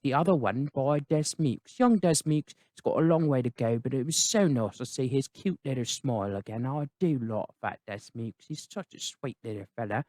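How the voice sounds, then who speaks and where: A man's voice: a little high, darkish tone, dry recording, clean studio sound, lightly acted. A man voicing a cheeky, rambling adult British fixer in a put-on British accent, dropping slang tags as he chatters. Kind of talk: comedic character review.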